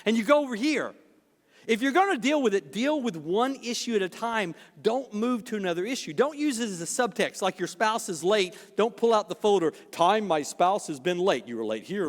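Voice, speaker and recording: Animated pastor in a reverberant hall. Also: male voice, high-pitched. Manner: animated, mimics voices to illustrate points. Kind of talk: sermon. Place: church sanctuary.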